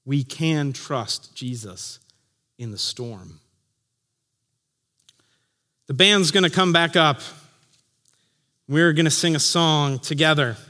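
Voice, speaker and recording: A man preaching a sermon as pastor, slow and earnest, letting his voice drop soft at the ends of phrases. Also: fairly high pitch, big-room sound. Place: church chapel.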